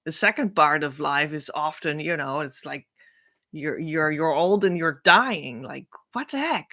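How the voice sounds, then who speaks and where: Slow, earnest woman giving a spiritual talk. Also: sits low, lively intonation. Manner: earnest and rambling, with frequent soft laughs. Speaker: spiritual teacher.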